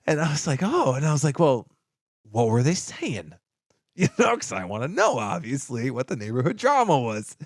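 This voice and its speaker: A man's voice: normal speed, no room sound, clean studio sound. A man co-hosting a podcast, telling a story in casual, profane chat and acting out the people he quotes. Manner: animated, profane, acts out quoted lines with big pitch jumps. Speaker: podcast co-host.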